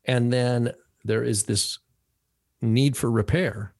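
A man's voice: mid-range voice, steady tone, slow, vocal fry, darkish tone. A man co-hosting a theology podcast, explaining religious history in a casual, rambling way, often tagging on "right?". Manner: explanatory, trailing phrases with "right?". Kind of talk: casual chat about theology.

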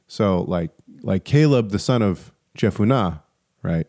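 A man's voice: on the low side, expressive, measured pace, mellow, no echo, studio quality. A man co-hosting a faith podcast, chatting casually and telling stories with lots of fillers and restarts. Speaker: podcast co-host.

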